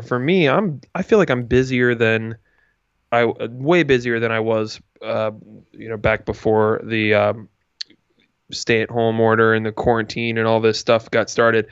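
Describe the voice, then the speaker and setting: Man, wry podcast co-host, smooth voice, slightly dull dry recording. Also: fairly low pitch, steady tone, a little slow, no echo. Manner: wry, self-mocking. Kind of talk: casual podcast chat.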